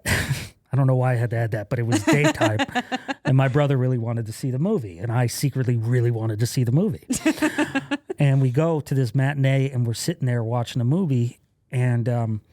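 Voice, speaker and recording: A man in his thirties, a podcast guest, telling stories in a casual, profane way, laughing often and acting out loud quotes. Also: medium pitch, big pitch swings, moderate pace, no room sound, studio quality. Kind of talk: casual storytelling.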